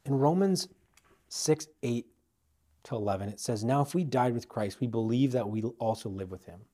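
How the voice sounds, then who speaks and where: A man preaching a sermon, swinging between forceful emphasis and quiet, hushed appeals to the listener. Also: mid-range voice, moderate pace.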